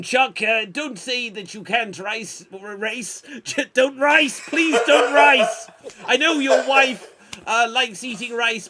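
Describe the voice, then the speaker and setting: A man voicing a loud, excitable racing team boss in an improv scene. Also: sits high, creaky, a little hiss or hum, exaggerated voice.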